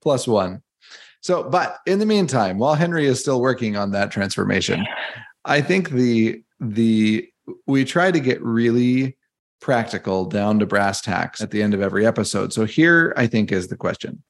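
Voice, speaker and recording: A man's voice: on the low side, lively intonation, moderate pace. A man hosting a podcast interview in an easygoing way, leading into a closing question. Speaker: podcast host.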